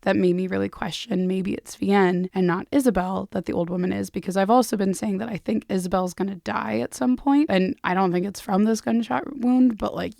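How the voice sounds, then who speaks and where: A woman co-hosting a podcast, recapping a novel in casual chat and lively acting out the characters' lines. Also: medium pitch, brisk, gravelly, hardly any pauses, dry recording, clean studio sound. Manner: animated storytelling, acts out characters' lines, swears, laughs. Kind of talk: casual book-club chat.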